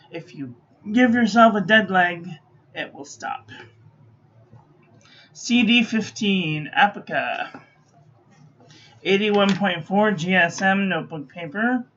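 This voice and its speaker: A sleepy woman giving dry, low-key commentary while testing ink on paper. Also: takes it slowly, a bit bright. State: sleepy, yawning. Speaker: stationery reviewer. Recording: dull lo-fi recording.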